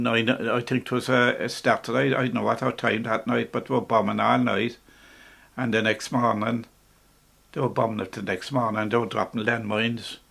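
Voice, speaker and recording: Older Irish man with a gravelly voice. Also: mid-range voice, fairly bright tone. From Ireland. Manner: rambling, halting with restarts and chuckles. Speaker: interviewee. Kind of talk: casual reminiscing.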